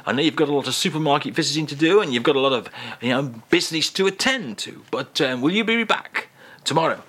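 A man hosts a comic radio-style segment in quick, jokey patter. His voice has a bright, forward edge, and his pitch bounces around lively as he talks. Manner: brisk, jokey, upbeat patter.

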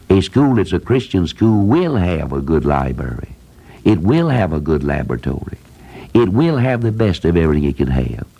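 Older male radio preacher, dark and raspy, earnest and emphatic. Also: deep voice. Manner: earnest, rising to emphatic repetition. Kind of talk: radio sermon.

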